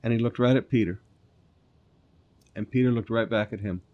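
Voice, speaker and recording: A man, a pastor reading scripture and preaching in a conversational way, with lively asides and soft, earnest appeals. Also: on the low side, normal speed, muffled recording.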